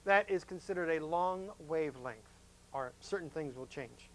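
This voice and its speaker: A man teaching a science lesson to students, talking in a folksy, chatty way, asking questions and jumping up in pitch to stress a point. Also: normal speed, a little hiss or hum. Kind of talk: classroom lesson demonstration.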